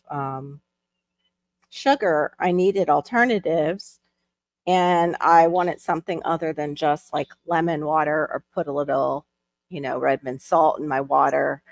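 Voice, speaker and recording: A woman's voice: on the low side, dry recording. A woman hosting a casual livestream, chatting and greeting viewers from the chat as she reads it. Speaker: livestream host. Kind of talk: casual live-stream chat.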